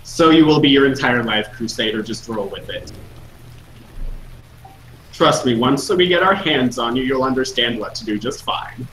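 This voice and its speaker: A man's voice: medium pitch, expressive, moderate pace, a bit bright, slight background noise, lightly acted. A man voicing a sly, scheming companion in a tabletop game, speaking in a suggestive manner. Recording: roomy echo.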